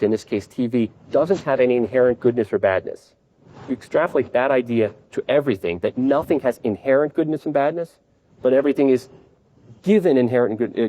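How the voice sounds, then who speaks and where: A man's voice: medium pitch, mellow. A man giving a conference lecture as a psychiatrist. He speaks in a conversational way and acts out examples as he explains. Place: conference at a hotel.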